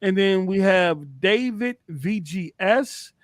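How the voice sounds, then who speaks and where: Male podcast host, high voice, easygoing banter, dry close mic. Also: lively intonation, slow pace, no room sound. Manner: laughing, shouting out chat names. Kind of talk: casual gaming podcast chat.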